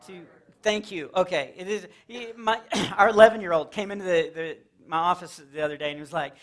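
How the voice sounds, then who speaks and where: A middle-aged man from Texas doing live Christian stand-up in a church, telling stories with lively acted-out quotes. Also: sits high, fairly quick. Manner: animated storytelling with acted-out quotes and laughs. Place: church hall with a live audience.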